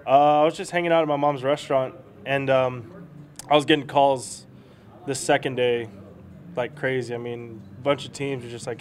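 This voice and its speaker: A man's voice: medium pitch, fairly even intonation, moderate pace. A young man, a baseball prospect, telling rambling stories in a casual interview, laughing as he goes.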